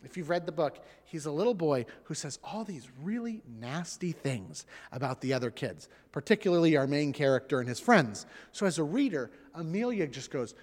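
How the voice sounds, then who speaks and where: A man in his thirties preaching as a pastor, an animated storyteller who acts out the voices in his stories. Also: on the high side, moderate pace, hardly any pauses. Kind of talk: sermon. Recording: long hall reverb.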